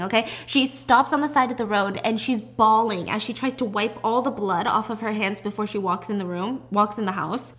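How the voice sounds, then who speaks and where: A woman with a fairly high voice recaps a drama in a casual way. She breaks in with chatty, emphatic asides. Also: a bit bright.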